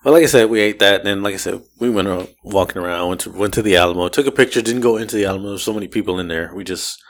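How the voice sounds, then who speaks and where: A man with a fairly low-pitched voice tells a rambling story on a casual podcast. He swears freely, laughs between lines and jumps into quick impressions of the people he ran into. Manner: animated, profane, laughs often, mimics people in his story. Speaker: podcast host.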